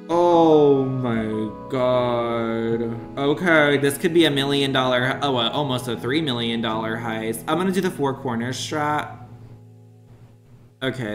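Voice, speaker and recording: A man streaming a mobile game, doing playful, over-the-top excited commentary in the manner of a mock sponsored ad. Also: mid-range voice.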